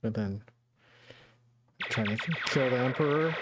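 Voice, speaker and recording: A man hosting a live drawing show, narrating an improvised story in an offhand, low-key way with crude jokes. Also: normal speed, long pauses, over music.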